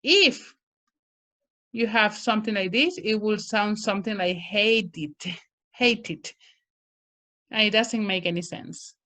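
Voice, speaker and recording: A woman's voice: mid-range voice, normal speed, pushed and bright. A woman teacher giving an online grammar lesson, speaking carefully and stressing words to model their pronunciation. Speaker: English teacher.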